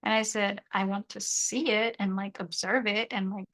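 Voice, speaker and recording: Bright, animated woman streaming. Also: mid-range voice, moderate pace, poor audio. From South Africa. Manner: animated, joking, reads chat aloud. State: half her mouth numb after dental surgery. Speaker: YouTuber hosting a live stream. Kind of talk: casual live-stream chat.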